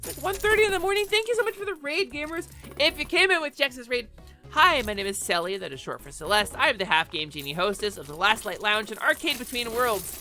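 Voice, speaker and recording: A woman streaming a game live from her home office, chatting in an animated way and swearing freely. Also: fairly high pitch, fast talker, faint music behind. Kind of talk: casual live gaming stream chat.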